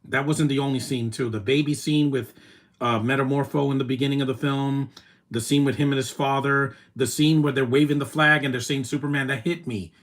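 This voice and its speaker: A man streaming his reaction to a movie, talking in an emotional, rambling way with many "man" tags and the odd loud taunt. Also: medium pitch, fairly even intonation, a little fast. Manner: soft-spoken, with sudden loud taunting outbursts. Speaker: live streamer.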